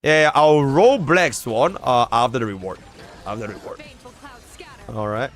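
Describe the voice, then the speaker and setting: A man's voice: medium pitch, normal speed, fairly bright tone, faint music behind. A young man with a Singaporean English accent doing casual, slangy, profane live commentary while playing a game and talking to his chat. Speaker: streamer.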